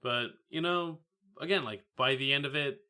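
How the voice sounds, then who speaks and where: A man's voice: medium pitch, moderate pace, sharp tone. A man co-hosting a podcast, talking casually and thoughtfully about an anime, with hesitant starts. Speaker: podcast co-host.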